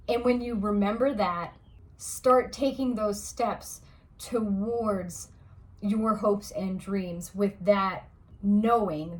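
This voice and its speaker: A woman giving a gentle, reassuring spiritual card reading, speaking slowly and at times getting emotional. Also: mid-range voice. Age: adult parent of a school-age child. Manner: gentle, reassuring, slow, grows tearful and emotional. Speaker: oracle card reader.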